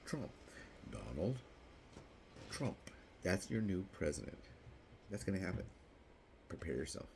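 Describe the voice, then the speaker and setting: A middle-aged man giving a rambling political vlog monologue, mocking and laughing at his own jokes, breaking into shrill squeals. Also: creaky, a little mellow, slight background noise. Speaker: vlogger.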